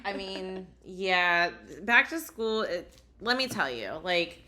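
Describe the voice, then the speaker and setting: A woman's voice: medium pitch, expressive, slow, pushed and bright. A woman co-hosting a casual podcast chat, animatedly telling a story and laughing at herself. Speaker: podcast co-host.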